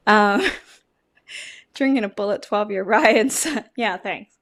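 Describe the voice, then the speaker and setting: A woman's voice: medium pitch, animated, takes it slowly, long pauses, a bit bright. A woman hosting a casual livestream whiskey tasting, chatty and cussing, groaning dramatically at the flavors. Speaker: livestream host.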